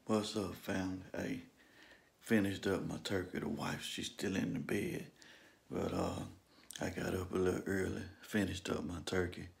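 A man filming a casual family vlog in his home kitchen, talking easily to his viewers and keeping his voice down so the house stays asleep. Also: gravelly. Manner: speaking low to keep from waking the house. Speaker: family vlogger.

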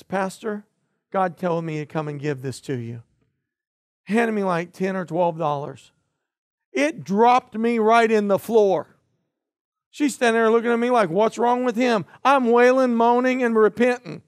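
High-voiced pastor preaching animatedly. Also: male voice, dry recording, clean studio sound. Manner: animated storytelling, swinging from loud to hushed. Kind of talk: sermon. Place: church.

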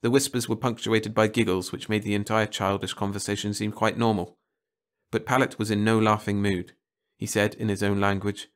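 A man narrating a short story in a calm, measured reading voice. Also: on the low side. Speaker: audiobook narrator. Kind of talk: scripted narration.

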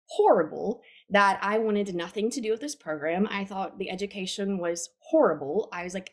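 A woman's voice: mid-range voice, normal speed, hardly any pauses. A woman guest in an interview, candidly and earnestly telling her personal story. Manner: candid, earnest, retells scenes in quotes. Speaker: guest, abuse advocacy worker.

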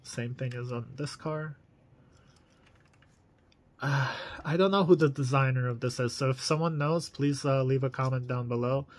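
A man's voice: medium pitch, moderate pace. A man casually reviewing collectible toy cars in an enthusiastic, chatty way, full of fillers.

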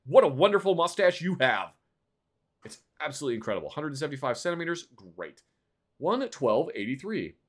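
A man's voice: on the high side, sing-song, fairly quick. A man streaming a game live, chatting in a playful, teasing way and bantering like a stern border official.

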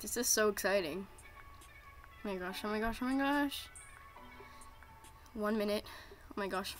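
A woman's voice: mid-range voice, unhurried, faint music behind. A young woman, nervously gushing while waiting live for a show premiere. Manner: excited, gushing, repeating herself. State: nervous and jittery. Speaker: streamer reacting to a premiere. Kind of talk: live reaction vlog.

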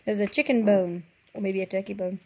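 A young woman reading a picture book aloud to her children, coaxing and expressive. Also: medium pitch, fairly quick, breathy edge.

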